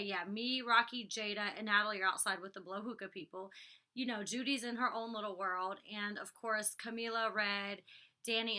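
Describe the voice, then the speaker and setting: A woman in her twenties talks in a mid-range voice that sounds pushed and bright. As a reality show cast member, she runs through an episode recap in a casual vlog, often saying "like" and "you know."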